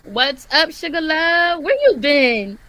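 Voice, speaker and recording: Bright-voiced woman hosting a chat. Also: high voice, big pitch swings, a little hiss or hum, low-quality recording. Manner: asks guests questions, halting with fillers. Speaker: host. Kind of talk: casual livestream chat.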